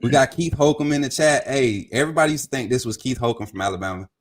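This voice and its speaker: This is a man running a casual sports talk stream. He sounds energetic and chatty, keeps hyping his viewers, and speaks at an average pitch. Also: fast. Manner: energetic, chatty, hypes the audience. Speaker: show host.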